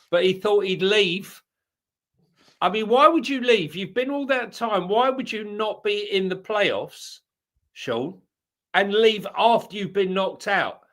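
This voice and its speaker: A man's voice: high voice, fairly bright tone. A man co-hosting a casual football chat show, jokey and rambling, laughing often. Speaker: co-host.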